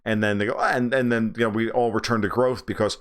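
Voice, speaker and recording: A man's voice: fairly low pitch, fairly even intonation, brisk. A man hosting a casual political livestream, ranting sarcastically and profanely, with many fillers and restarts.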